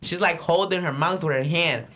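A young man telling a story in a casual, profane chat, swinging into loud acted-out quotes. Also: fairly high pitch, normal speed. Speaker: podcast co-host and rideshare driver.

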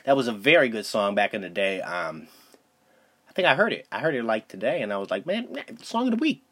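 A man's voice: fairly low pitch, sing-song, brisk, sharp tone, slight background noise. A young man hosting a solo podcast, telling stories loosely with lots of swearing and fillers. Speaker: podcast host. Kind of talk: casual solo podcast monologue.

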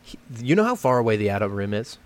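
A man's voice: fairly low pitch, fast talker. A young man co-hosting a casual movie podcast, telling scenes with acted-out quotes. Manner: animated storyteller, acts out quotes in exaggerated voices. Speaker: podcast co-host. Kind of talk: casual chat about movies.

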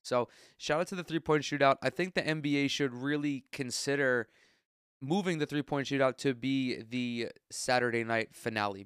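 A man hosts his own sports podcast, delivering blunt, profane, exasperated rants while audibly congested. His voice is smooth and resonant at a mid pitch. The sound is close and completely dry, with no room echo. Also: normal speed, fairly bright tone. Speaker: podcast host. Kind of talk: solo sports opinion podcast.

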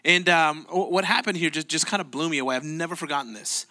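A man's voice: on the high side, quick pace, bright, forceful tone. A man preaching a sermon in church, telling a story in a conversational, emphatic way. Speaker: pastor.

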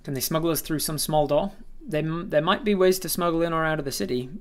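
Narrating a tabletop game as its game master, this man speaks fast with a voice on the high side. He stays relaxed and meandering, hesitating often.

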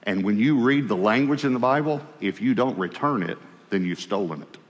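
A man's voice: a little fast, big-room sound. A man preaching a sermon, telling a personal story and acting out the dialogue in it. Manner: animated storyteller, acts out dialogue, dropping low and quiet for God's voice.

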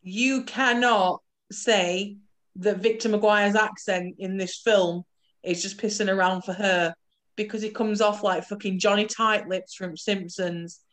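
A woman's voice: medium pitch, fairly even intonation, measured pace, fairly bright tone. A woman in casual chat reviewing a film as podcast co-host, blunt, sweary and mocking.

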